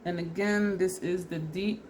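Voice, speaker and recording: A woman's voice: on the low side, fairly even intonation, unhurried, a little mellow, a little hiss or hum. A woman vlogger casually talking through a makeup try-on step by step, chatty and laughing at herself, teary and sniffly from allergies. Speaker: beauty vlogger.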